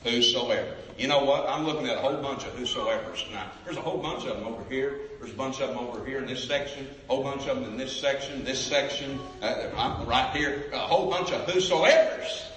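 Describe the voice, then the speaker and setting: A man with a medium-pitched, fairly bright voice preaches a little fast, hardly pausing, urging the crowd in a large church sanctuary to respond. The emphatic evangelistic sermon is heard from a distance in an echoey hall.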